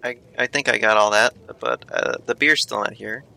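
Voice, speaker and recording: A man playing a tabletop game, speaking in a deadpan, slightly confused way. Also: medium pitch, normal speed, vocal fry. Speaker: player. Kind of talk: casual tabletop play.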